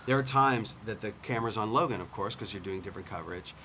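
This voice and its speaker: Middle-aged director, earnest and halting, low-ish voice, noisy background. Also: male voice, sharp tone. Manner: earnest, halting with restarts, laughs easily. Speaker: film director and screenwriter. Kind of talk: casual press-junket chat. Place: hotel room at a press junket. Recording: noisy room ambience.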